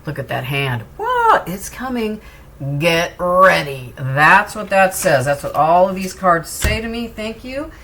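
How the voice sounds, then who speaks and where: A woman's voice: lowish voice, very animated, measured pace, sharp tone, slight background noise. A woman giving a tarot reading to camera in an earnest, reassuring way, repeating phrases for emphasis. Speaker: tarot reader.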